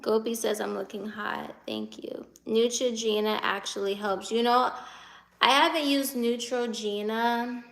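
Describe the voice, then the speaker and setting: Slow-talking young woman with vocal fry. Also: a little high, fairly even intonation. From United States. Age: 20s. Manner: chatty, answers comments as they come in, laughs often. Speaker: live-stream host. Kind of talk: casual live-stream chat, reading viewer comments.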